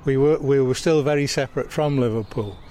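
Older southwest Lancashire man, halting. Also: mid-range voice, dark tone, a little hiss or hum. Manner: halting, many restarts. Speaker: interviewee. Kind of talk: reminiscing conversation.

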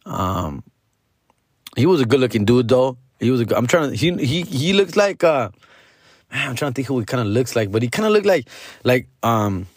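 A man's voice: mid-range voice, sing-song, normal speed, breathy edge, dry recording, clean studio sound. A young adult man telling a casual anecdote, slangy and profane, constantly tossing in fool and dude. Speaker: storyteller.

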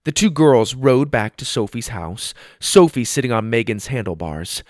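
A man narrating a children's story in an expressive, animated reading style. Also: lowish voice, measured pace, dry recording, studio quality.

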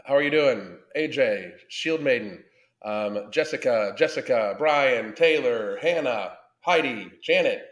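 A man hosting a livestream as a weight-loss coach, talking casually and bluntly with constant swearing, and greeting his viewers by name. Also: mid-range voice. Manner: blunt and heavily profane.

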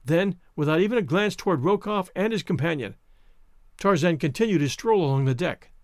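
A man reading an adventure novel aloud as narrator, in a theatrical, expressive way. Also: fairly high pitch, fairly quick, dry recording, clean studio sound. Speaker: audiobook narrator. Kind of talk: scripted narration.

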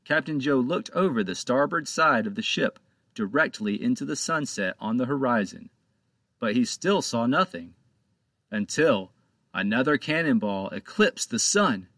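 A man narrating his own children's pirate storybook in a lively, expressive reading, close to the mic. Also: mid-range voice, a little slow, no room sound. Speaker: author and narrator.

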